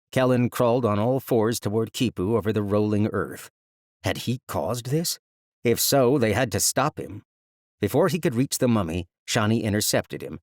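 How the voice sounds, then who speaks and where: A man narrating a fantasy audiobook in a measured, even storytelling manner, recorded close on a studio mic. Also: on the low side, dry recording.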